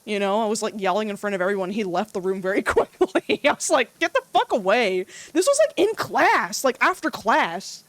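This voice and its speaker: A young woman streamer telling stories in casual livestream chat, animated, swearing freely and laughing often. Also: medium pitch, a little fast, few pauses, no room sound.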